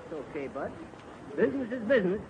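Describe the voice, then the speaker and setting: A boastful rambling yarn-spinner, 1930s radio comedy, high voice, noisy old broadcast. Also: male voice, very animated, fast talker, dull audio. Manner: folksy, bragging, rambling. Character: boastful tall-tale-telling middle-aged man. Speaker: comic storyteller.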